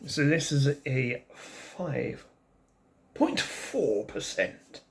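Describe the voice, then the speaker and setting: A man talks his way through a beer review in a casual, unscripted vlog. His pitch sits at a plain middle height, and he meanders, often backing up to restart a sentence. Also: huge pitch swings, extremely slow, vocal fry.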